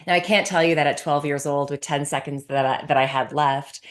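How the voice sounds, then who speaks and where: A middle-aged woman from Canada answers interview questions with the energy of a storyteller. Her voice sits low, and she breaks into laughter as she talks. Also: fairly quick. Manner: animated storyteller, laughs often. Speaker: guest, sports psychologist.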